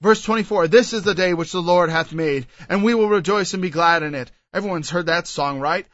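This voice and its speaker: A man's voice: high-pitched, a little fast, fairly bright tone, no echo. A man preaching a sermon. He reads old scripture aloud and then explains it verse by verse. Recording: dull lo-fi recording.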